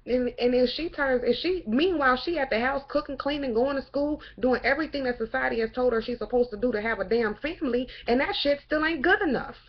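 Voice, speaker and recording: A woman's voice: sits high, fast talker, hardly any pauses, muffled recording. Fervent, preachy woman with lots of cursing. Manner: fervent, preachy, rhetorical questions, frequent cursing. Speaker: vlogger. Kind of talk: impassioned monologue to camera.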